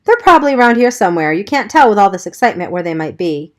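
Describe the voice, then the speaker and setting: A woman's voice: medium pitch, quick pace, close to an everyday voice. Good-natured grown man, reassuring; a woman reads him. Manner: calm, reassuring.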